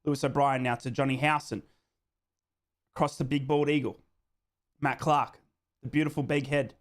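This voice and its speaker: A man hosting a live football watchalong, calling the match as a fan, reading out viewers' names and bursting into shouted celebrations. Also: medium pitch, steady tone, normal speed. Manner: reads out viewers' names and answers them.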